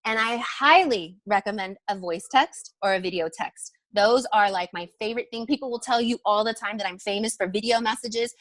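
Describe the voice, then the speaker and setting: A woman health coach giving energetic, emphatic tips on a training call. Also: medium pitch, moderate pace, few pauses, no echo.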